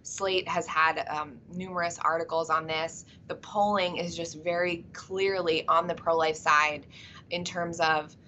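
Low, bright-voiced woman on a dull line. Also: steady tone, a little slow, slight background noise. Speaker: advocacy group communications executive, guest. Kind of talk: interview answers.

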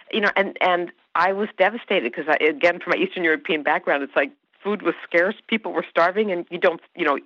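A woman's voice: sits low, no room sound. A woman being interviewed about her acting work, talking emphatically and often restarting her sentences. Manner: animated, emphatic, with many restarts. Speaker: actress guest. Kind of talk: interview conversation. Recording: dull lo-fi sound.

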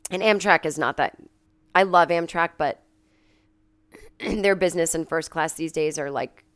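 Sick woman, smooth voice, animated storytelling. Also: fairly low pitch. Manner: animated, acts out quoted people in a raised voice. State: sick, coughing and clearing her throat. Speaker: podcast host. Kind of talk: casual storytelling monologue. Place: at home.

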